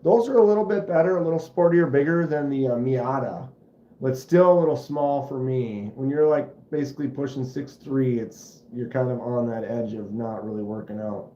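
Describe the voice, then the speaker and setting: A livestream host with a mid-range voice chats casually at a normal speed, telling rambling, animated stories and imitating engine sounds. His home stream audio is roomy, slightly dull and a little muffled.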